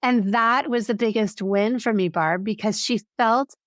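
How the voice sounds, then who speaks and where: A woman's voice: on the high side, normal speed, no room sound, studio quality. A woman guest on an interview podcast, an education advocate who tells stories animatedly and acts out the voices of the people she quotes. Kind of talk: interview storytelling.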